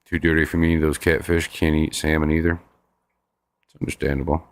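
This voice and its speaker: A man's voice: very deep voice, flat delivery, a little fast, clear, resonant tone. A laid-back man hosting a casual livestream, chatting with viewers in a rambling way and repeating his words. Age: adult with a five-year-old. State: stiff sore neck. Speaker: livestream host. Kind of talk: casual chat reading viewer comments.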